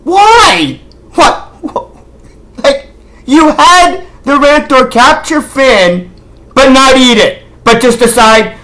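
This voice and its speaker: This voice sits high and sounds expressive, pushed, and bright, moving slowly. It belongs to a film critic vlogger on a casual, sarcastic, exasperated rant who scolds the director head-on, with a stream of rhetorical questions and repeated disbelief.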